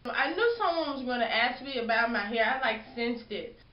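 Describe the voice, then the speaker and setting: A woman's voice: on the high side, animated, moderate pace. A young woman chatting casually in a hair vlog, telling a story and acting out what people said. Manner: chatty storytelling, acts out quotes. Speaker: hair vlogger. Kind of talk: casual chat. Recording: roomy lo-fi home video.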